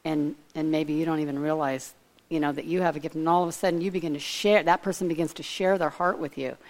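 A woman's voice: sits low, steady tone, fast. A woman giving an informal, conversational sermon, digressing and speculating aloud as she retells a Bible story. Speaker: preacher.

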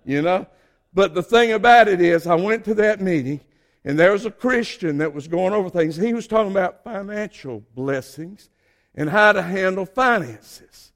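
High-voiced Southern preacher from Georgia. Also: male voice. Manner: emphatic preaching, swings between quiet asides and loud exhortation. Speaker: pastor. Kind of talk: sermon.

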